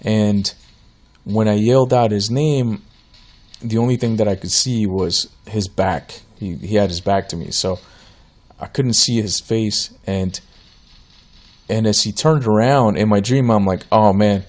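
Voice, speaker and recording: A man's voice: fairly low pitch, a little slow, a little mellow. A man in his thirties hosting a solo podcast, telling a story in a casual, rambling way with many fillers and restarts. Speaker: podcast host.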